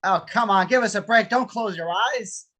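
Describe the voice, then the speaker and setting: Woman voicing a sarcastic grown male duck, mid-pitched, quick with quips. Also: fairly bright tone, lightly acted. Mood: wisecracking. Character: wisecracking adult male duck. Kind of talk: amateur script reading.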